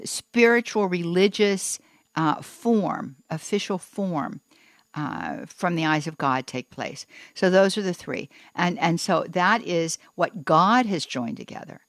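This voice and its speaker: Low-voiced woman hosting Catholic radio. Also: dry recording, studio quality. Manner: teaching, many fillers and restarts. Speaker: radio host. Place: home study.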